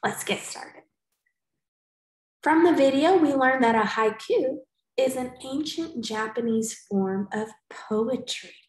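Slow-talking woman teacher in an echoey room. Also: on the high side. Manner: cheerful, slow, clapping out syllables, dropping to a whisper at times. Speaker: elementary school teacher. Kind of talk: recorded lesson for young students.

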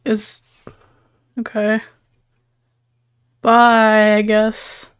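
A woman's voice: fairly high pitch, monotone, drawn-out words, clean tone. Wry woman commenting on a game. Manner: wry and joking. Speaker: gaming streamer. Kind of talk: casual gameplay commentary. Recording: game music behind.

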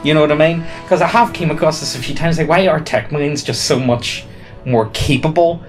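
A man's voice: a little high, fairly quick, soft background music. A man co-hosting a podcast in casual chat, rambling and apologetic with hesitant restarts. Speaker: podcast co-host.

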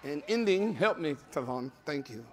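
A male pastor preaching a sermon in a large church, breaking into shouted, rising bursts. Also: fairly high pitch, lively intonation, normal speed, background noise. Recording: reverberant church hall with music.

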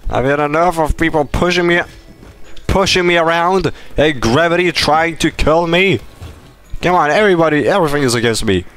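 A man commentating his own live game stream at a slow, easy pace. He is playful and boastful, teasing other players as he goes, with a voice sitting at a middle pitch. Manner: playful, boastful, bursts into laughs and shouts.

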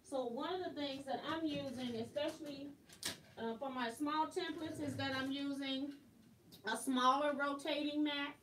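A woman hosting a casual live quilting tutorial, chatty and quick to laugh. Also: high voice, steady tone, fairly bright tone. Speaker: quilting instructor and host. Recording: roomy, distant mic, faint noise.

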